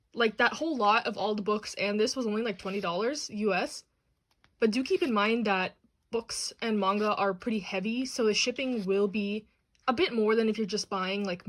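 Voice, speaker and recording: A young woman hosting a manga haul and unboxing vlog, talking casually and gushing with excitement over her items. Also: medium pitch. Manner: bubbly and gushing, excitable asides. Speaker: channel host.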